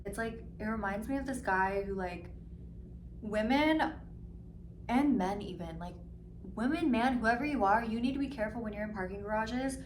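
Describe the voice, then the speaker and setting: A woman in her twenties ranting casually in a storytime vlog, full of "like" and swearing, mimicking other people in quick asides. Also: on the high side, background noise. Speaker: vlogger. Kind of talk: mukbang storytime rant. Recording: slightly echoey room with faint ambience.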